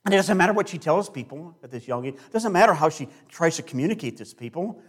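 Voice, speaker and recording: A male pastor preaching a sermon with emphasis, slowing down and repeating key words. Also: lively intonation, slightly rough. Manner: emphatic preaching with big swings in loudness and pitch.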